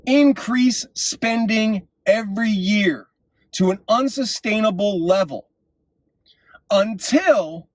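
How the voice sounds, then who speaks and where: A man hosting his own vlog, delivering an impassioned political monologue and telling stories, his voice swinging up to shouts at the climaxes. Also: sits high, takes it slowly, no room sound. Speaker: vlog host.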